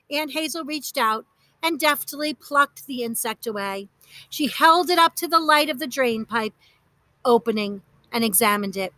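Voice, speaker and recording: A woman narrates a children's story in a lively, expressive way. Her voice is high and bright, recorded close and dry. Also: moderate pace, dry recording.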